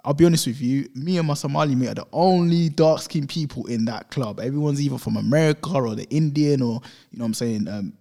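Man from London, fast talker, casual storytelling, mimics the people in his stories. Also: mid-range voice, vocal fry. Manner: animated storyteller who acts out quoted voices.

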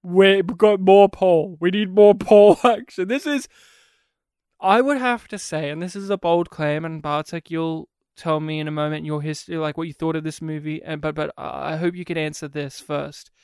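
A podcast host in casual film chat, talking in animated, quick bursts and laughing often. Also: medium pitch, clean tone, no room sound, studio quality.

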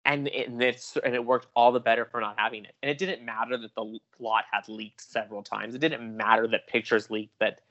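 A man's voice: medium pitch, fairly quick, few pauses, muffled recording. Chatty man rambling as a podcast guest. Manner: chatty and excitable, rambles with many restarts. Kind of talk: casual chat.

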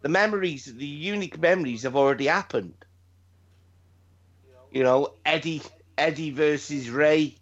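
A man's voice: on the high side, moderate pace, pauses often. A man hosting a casual wrestling chat, rambling, swearing often and repeating his words. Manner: rambling, profane, repeats himself. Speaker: podcast host. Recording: dull lo-fi recording.

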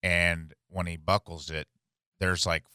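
A man's voice: low-pitched, flat delivery, unhurried, pushed and bright, clear, resonant tone, no echo, clean studio sound. A man on a casual comedy podcast, ranting and swearing as he tells a story and mocks people in impressions. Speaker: podcast co-host.

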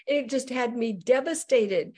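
Woman middle-aged evangelist, higher voice, animated testimony storyteller. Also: unhurried. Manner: animated, acts out quoted voices. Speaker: evangelist guest.

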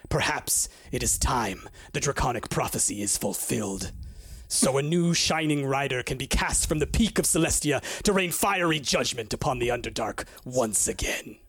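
A man voicing a grim godlike being condemning mortals, slow and solemn. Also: medium pitch, animated, fairly bright tone, slightly rough, no echo, pitched below the performer's own voice. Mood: solemn wrath.

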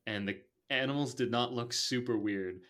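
A man's voice: mid-range voice, normal speed, a bit bright. A man co-hosting a casual movie podcast, talking bluntly and laughing often, with casual swearing. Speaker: podcast co-host. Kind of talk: casual chat.

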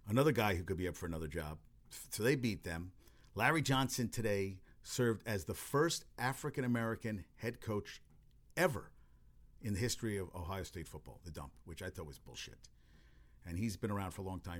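Rambling, profane man talking football. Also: on the low side. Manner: rambling, profane, with frequent restarts and exclamations. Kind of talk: casual sports talk.

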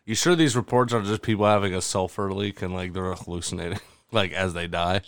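A young man co-hosting a casual podcast, full of teasing jokes and quick asides. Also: low voice, a bit bright, smooth, no room sound. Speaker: podcast co-host.

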